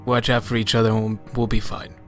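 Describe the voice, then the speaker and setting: A man playing a tabletop game character, excitable and given to loud bursts. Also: fairly low pitch, fast. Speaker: player. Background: faint music.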